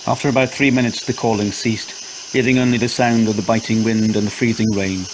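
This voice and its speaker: A man narrating a scripted horror story in a steady, measured way. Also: fairly low pitch, noisy background.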